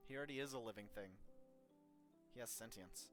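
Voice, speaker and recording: Bright-voiced man streaming a text game. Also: lowish voice, brisk, soft background music. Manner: playful, reads story text aloud, talks to himself. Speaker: streamer playing a text adventure. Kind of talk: reading game text aloud and reacting.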